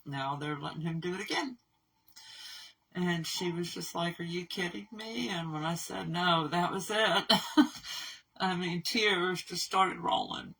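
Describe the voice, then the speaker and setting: Woman rescue organizer, bright raspy voice, rambly vlog talk. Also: on the low side. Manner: candid, rambling, halting with fillers. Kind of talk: casual vlog update. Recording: voice somewhat far from mic.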